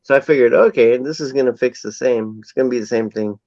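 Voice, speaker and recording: A man's voice: medium pitch, fast talker, darkish tone, dry recording. Man, casual rambling storyteller, dry dull lo-fi recording. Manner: rambling anecdotal storytelling with acted quotes. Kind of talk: casual chat. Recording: dull lo-fi sound.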